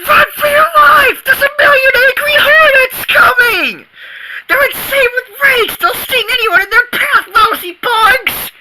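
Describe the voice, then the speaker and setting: A performer voicing an excitable six-year-old boy in an amateur cartoon dub, shouting in frantic squeals. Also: extremely high pitch, a little slow, background noise, voice pushed up. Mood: panicked.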